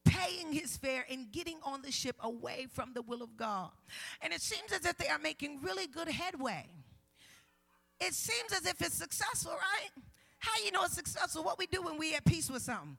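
A woman guest minister preaching a sermon at a women's conference, swinging from low asides to loud shouted calls, with playful jabs at the congregation. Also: expressive, moderate pace, vocal fry, soft background music.

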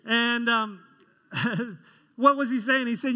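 Man preaching, high voice, conversational storytelling sermon, long hall reverb. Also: takes it slowly, bright, forceful tone. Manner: conversational storytelling, asks the congregation questions. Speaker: pastor.

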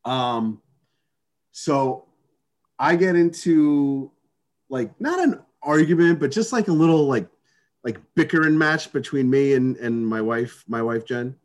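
A man's voice: mid-range voice, a little slow. A man telling a long story in casual chat, rambling with many restarts, fillers and swear words.

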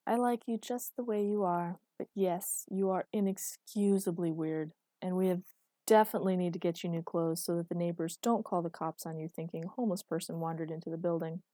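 A woman voicing a dry, patient, exasperated boyfriend with a deadpan delivery. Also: on the low side, fairly quick, no echo, natural voice.

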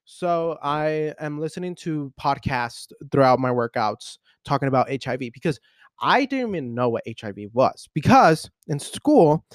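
Twenty-something guy hosting a podcast, kinda high voice, animated, says "like" a ton. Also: normal speed, no room sound, studio quality. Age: 20s. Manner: animated, rambling, heavy use of "like". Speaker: podcast host. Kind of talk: casual storytelling monologue.

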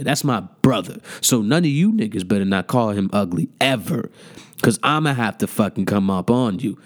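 A man's voice: medium pitch, a little mellow. A man hosting a podcast, ranting in a heated, profane, mocking way with lots of repetition. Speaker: podcast host. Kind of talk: casual rant.

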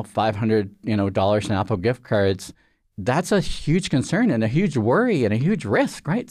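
The interview guest is a middle-aged man from Canada who works as a regulator official, and he talks in an earnest, rambling way packed with fillers. His lowish voice is a little mellow. It's a dry, studio-quality recording of a conversational interview.

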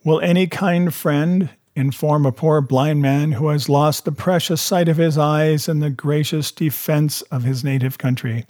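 A man voicing a cruel blind old beggar in a storybook reading, with a husky voice and a sing-song manner that turns to cold threats. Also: mid-range voice, darkish tone. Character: cruel blind old male beggar, soft-spoken, menacing.

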